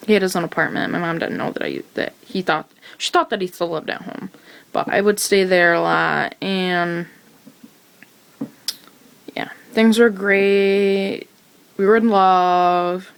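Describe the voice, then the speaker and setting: A woman's voice: on the low side, steady tone, measured pace, gravelly, clean tone. A teenage woman telling her own story in a rambling, casual way, full of fillers and restarts. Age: teens.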